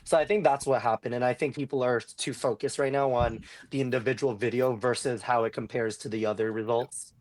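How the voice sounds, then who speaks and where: A man co-hosting a podcast, calmly explaining his view in casual chat. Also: mid-range voice, a little fast, few pauses. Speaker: podcast co-host.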